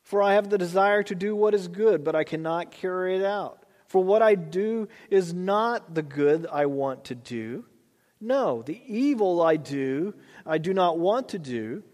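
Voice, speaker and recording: High-voiced man preaching in a reverberant hall. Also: darkish tone. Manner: reads scripture slowly, then preaches with rising emphasis. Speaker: pastor. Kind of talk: sermon.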